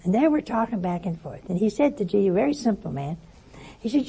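A woman giving a spiritual teaching talk, telling stories in an animated way with quoted dialogue. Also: mid-range voice, brisk, vocal fry, breathy edge. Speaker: religious speaker.

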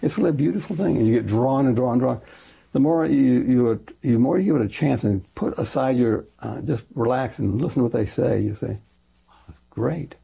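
Fast-talking older man with a gravelly, husky voice. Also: mid-range voice, dull audio. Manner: animated, acts out quoted voices; rambling, self-correcting. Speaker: retired pastor. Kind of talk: interview storytelling.

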